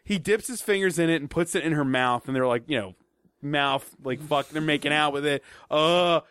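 High bright dude swearing through a movie recap, dry close sound. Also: male voice, moderate pace, clean tone, no echo. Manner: profane, laughing, animated retelling. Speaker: podcast co-host. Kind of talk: casual movie-recap banter.

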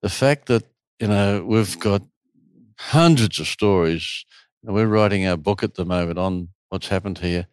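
A man's voice: deep voice, unhurried, smooth, no echo, clean studio sound. Man telling a story with relish. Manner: animated, lively storyteller. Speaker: retreat owner telling stories. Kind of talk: casual storytelling interview.

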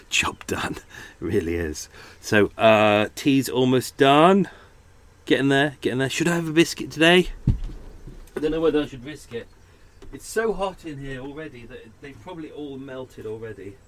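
A man's voice: mid-range voice, expressive, normal speed, fairly bright tone, a little hiss or hum. Tired man chatting. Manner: rambling, self-correcting, chatty. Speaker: podcast host. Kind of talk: casual chat. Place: at home indoors.

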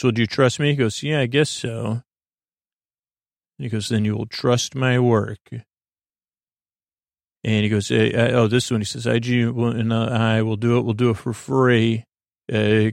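Gravelly man rambling through a recap. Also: medium pitch, no echo, studio quality. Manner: rambling, retells dialogue with many fillers. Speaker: podcast host recapping a show. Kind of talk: casual episode recap.

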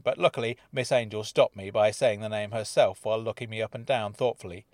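A man narrating a first-person mystery story as scripted audiobook narration, in a hushed, understated way. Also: fairly low pitch, fairly even intonation, brisk, few pauses, no room sound.

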